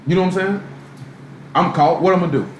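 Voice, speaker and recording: A man's voice: high voice, quick pace. A man preaching a live sermon in a loose, street-style way, full of rhetorical questions. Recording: echoey room, faint background noise, live stream.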